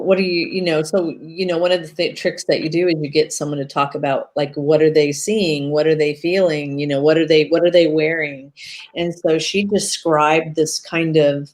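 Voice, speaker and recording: A woman's voice: low-pitched, steady tone, unhurried, a little mellow. A woman hosting a casual live video chat as a hypnotherapist, talking in a rambling, chatty way with many restarts. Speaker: host and hypnotherapist.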